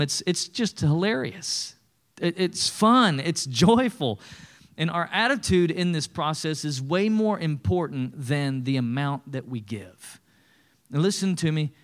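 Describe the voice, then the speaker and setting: A middle-aged male pastor preaching a conversational sermon, with lively acted-out asides. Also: on the high side.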